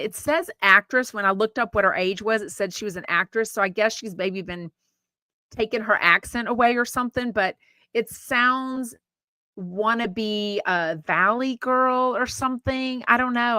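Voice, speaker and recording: A woman's voice: fairly high pitch, moderate pace, pushed and bright, smooth, no room sound. A woman from Texas hosting a podcast, chatting casually and reading out comments in a rambling way with fillers and restarts. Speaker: podcast host. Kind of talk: casual live-stream chat, reading comments.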